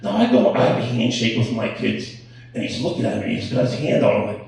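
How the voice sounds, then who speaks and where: A middle-aged man doing a crude stand-up set, telling stories with animated delivery. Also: mid-range voice, moderate pace, creaky, distant mic. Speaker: stand-up comedian. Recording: echoey room, heard from off-mic.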